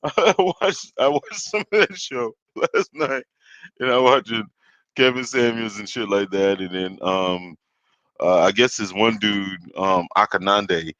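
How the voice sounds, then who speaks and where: A man's voice: fairly low pitch, unhurried, fairly bright tone, no room sound. A Caribbean-born man hosting a solo podcast, ranting heatedly with constant swearing and rambling repeats. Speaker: podcast host. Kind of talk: profane solo rant. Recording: dull lo-fi dry recording.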